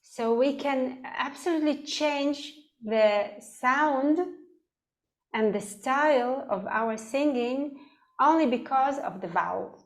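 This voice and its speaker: A woman teaching vocal technique in an online class, explaining slowly and singing sample words. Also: high-pitched. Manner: slow, demonstrative, sings sample words.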